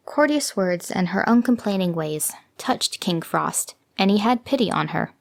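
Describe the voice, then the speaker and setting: A woman narrates an old fairy tale with gentle, expressive delivery. Her voice sits at an ordinary middle pitch. She reads in a calm storybook manner.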